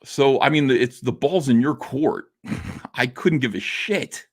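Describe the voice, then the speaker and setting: A man hosting a comics livestream, talking in a theatrical monologue that swings between quiet and loud, with frequent laughs. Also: mid-range voice, slow pace.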